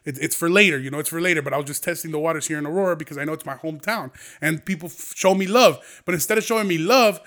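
A man with a high, bright, cutting voice holds forth on his podcast. He rants in a heated, profane way, circling back and restarting as he goes. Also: rapid-fire, few pauses. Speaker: podcast host. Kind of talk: casual ranting monologue.

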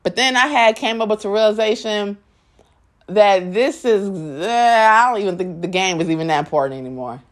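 At a moderate pace and with an expressive medium-pitched voice, a young woman vlogger tells viewers a personal story. Candid, blunt and profane, she plays out other people's lines dramatically.

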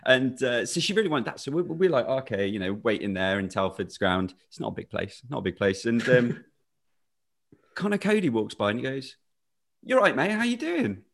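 A man's voice: mid-range voice, very animated, normal speed, creaky. Young male, jokey storyteller, casual podcast talk. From England. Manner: rambling anecdotes, jokey. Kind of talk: casual chat.

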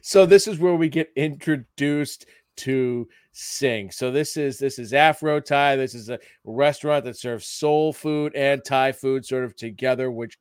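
A man's voice: medium pitch, measured pace, hardly any pauses, clean tone, no echo, studio quality. A man co-hosting a podcast, chatting casually about a TV episode, laughing often and acting out quoted lines. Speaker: podcast co-host. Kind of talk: casual chat recapping a TV episode.

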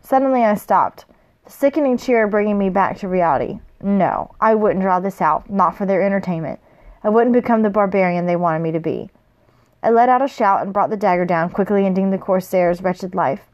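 A woman's voice: medium pitch, brisk, a little mellow. Woman casually reading a novel aloud. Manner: plain reading, with slips and self-corrections. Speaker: reader.

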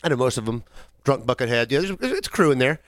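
Male podcast co-host, casual rambling storyteller, dry close mic, mid pitch. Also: fast, no room sound. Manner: rambling, animated storytelling with acted quotes.

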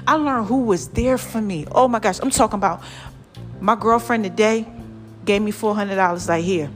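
A woman vlogger giving lively, preachy motivational talk straight to her viewers. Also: mid-range voice, moderate pace, faint music behind. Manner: lively and preachy, calls viewers "child" and "y'all".

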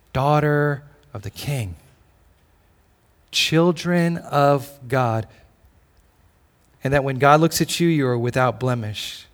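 A man preaching a sermon as a pastor, casual and conversational, telling stories and acting out bits of dialogue. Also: mid-range voice. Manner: casual, storytelling, acts out dialogue. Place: church. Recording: reverberant hall.

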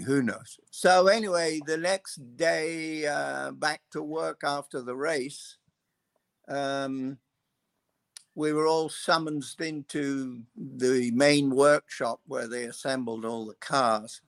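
An older man, a guest, telling long anecdotes in an unhurried, loose way, full of pauses and fillers. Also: mid-range voice, gravelly, fairly bright tone, dry recording. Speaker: guest, former racing mechanic. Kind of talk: anecdotal storytelling.

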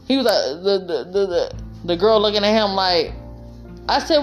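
A woman's voice: medium pitch, animated, moderate pace, soft background music. A woman vlogging relationship advice in a casual, heartfelt monologue, telling her story emphatically and speaking straight to other women.

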